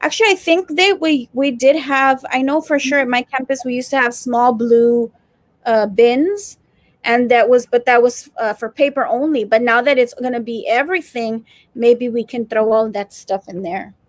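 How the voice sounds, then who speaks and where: A woman co-hosts a casual livestream for educators, her voice sitting on the higher side. She chats freely and greets viewers by name. The sound is dry and close. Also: fairly even intonation, normal speed, no room sound. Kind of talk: casual chat.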